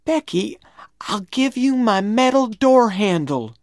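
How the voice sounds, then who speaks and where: For a read-aloud storybook, a woman performs a full character voice as an eager, chatty young schoolboy, pleading earnestly. She speaks slowly with big pitch swings, low-pitched yet above her own natural voice, in clean studio sound with no echo.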